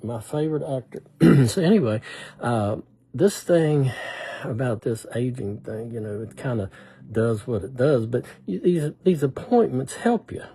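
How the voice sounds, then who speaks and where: A man's voice: mid-range voice, expressive, unhurried, vocal fry, warm tone, slightly rough. An older man telling rambling, self-deprecating stories in a casual, folksy way. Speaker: humor vlogger. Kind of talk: casual storytelling monologue.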